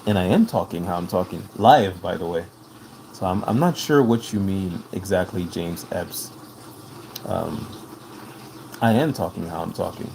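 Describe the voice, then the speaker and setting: Gravelly man answering live chat. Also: low-pitched, slight background noise, rough recording. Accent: non-native English accent. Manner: earnest, repeats himself when making a point. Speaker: livestream host. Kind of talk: live-stream talk, reading and answering chat.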